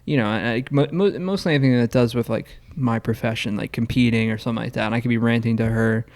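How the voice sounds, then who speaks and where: A man's voice: mid-range voice, steady tone, fast, darkish tone. Laid-back young man rambling on a podcast. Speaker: podcast co-host. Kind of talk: casual chat.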